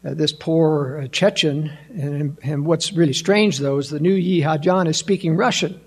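An older man with a husky, fairly high voice speaks at a moderate pace, delivering an emphatic monologue to an audience. As a political commentator, he fires off incredulous rhetorical questions.

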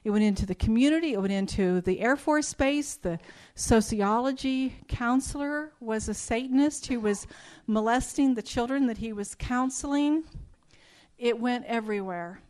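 A woman's voice: on the high side, moderate pace, darkish tone. A middle-aged woman giving a spoken testimony to an audience, telling her story emphatically and acting out the dialogue. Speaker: speaker telling a personal testimony.

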